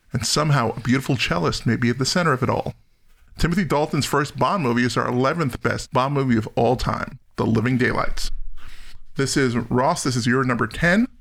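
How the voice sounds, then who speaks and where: Animated male film-review host. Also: mid-range voice, vocal fry. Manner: animated, laughs often, acts out scenes. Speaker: podcast host. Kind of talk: casual film-review chat.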